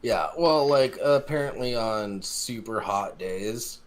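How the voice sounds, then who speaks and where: A man's voice: mid-range voice, takes it slowly. A man co-hosting a podcast, chatting in a laid-back, agreeable way and sharing bits of trivia. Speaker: podcast co-host. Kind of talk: casual chat.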